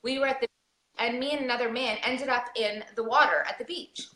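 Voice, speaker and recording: A woman with a bright, ringing voice speaks a little higher than most. She talks earnestly and pleads with repeated questions, and her voice carries some room echo. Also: fairly even intonation, fairly quick. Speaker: podcast guest. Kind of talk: emotional personal storytelling.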